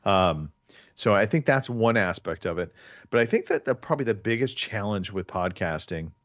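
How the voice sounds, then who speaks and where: Low-voiced man, dry lo-fi sound. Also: expressive, moderate pace, fairly bright tone, no echo. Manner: rambling, many restarts and fillers. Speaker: podcast host. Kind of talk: casual podcast chat.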